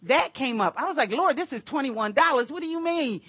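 Woman preaching, chatty storyteller, higher voice, dry close sound. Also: a little fast, dry recording. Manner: chatty, animated storytelling with asides to the congregation. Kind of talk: sermon with personal story.

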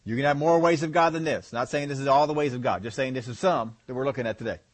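A man's voice: medium pitch, fast talker. A man preaching a folksy, conversational sermon, acting out examples with groans and laughter.

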